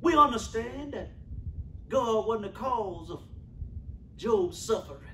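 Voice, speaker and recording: A man preaching a sermon in a church, calling out to the congregation and repeating his phrases, swinging from shouts to hushed asides. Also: sits high, expressive, takes it slowly, reverberant, far from the mic, slight background noise. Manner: calls out to the congregation. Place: church sanctuary.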